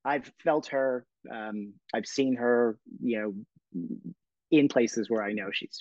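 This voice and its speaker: Man telling warm stories, dull-sounding. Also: mid-range voice, slow, no room sound. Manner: emotional, rambling, many fillers and restarts. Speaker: guest. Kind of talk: casual storytelling interview.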